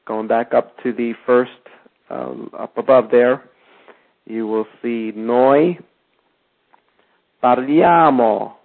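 A man's voice: mid-range voice, slow pace, vocal fry, long pauses. A man teaching a beginner language lesson, patiently stressing each verb form as he goes. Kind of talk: slow step-by-step language lesson. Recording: tinny phone-like audio.

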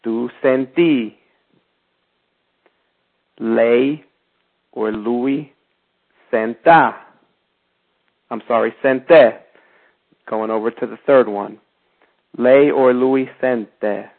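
A male teacher walks beginners through verb endings at a very unhurried pace, stressing each form with patient care. His voice sits at a middling pitch. The recording is thin and tinny, like a phone line. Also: fairly even intonation, gravelly. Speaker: language teacher. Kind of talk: slow step-by-step language lesson.

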